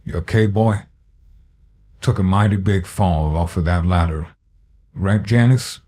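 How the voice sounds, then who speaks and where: A man voicing a violent rural father who speaks slowly and calmly with a menacing edge. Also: sits low, slight background noise. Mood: falsely concerned. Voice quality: slow, calm, menacing.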